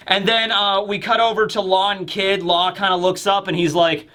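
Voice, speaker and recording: A man's voice: high voice, a little fast, few pauses, sharp tone. A young man hosting a casual comic review, rambling and joking. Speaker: host.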